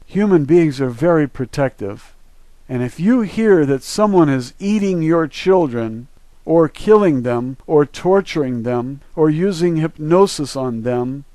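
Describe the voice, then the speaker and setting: Man, fairly high voice, dry close sound; preachy, emphatic solo monologue to viewers. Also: darkish tone, no echo. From northern United States. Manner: emphatic, preachy, urging listeners. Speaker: online video host. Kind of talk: opinionated spoken monologue.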